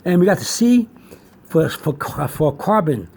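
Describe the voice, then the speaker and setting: A man teaching an informal lesson on medical and chemical terms, pausing, repeating himself and spelling words out letter by letter. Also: high voice, very animated, creaky, darkish tone.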